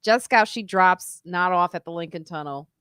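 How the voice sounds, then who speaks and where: A woman's voice: lowish voice, normal speed, a bit bright, clean tone, no room sound, clean studio sound. A woman hosting a podcast, telling a story in casual chat and acting out the quotes with big jumps in her voice. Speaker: podcast host.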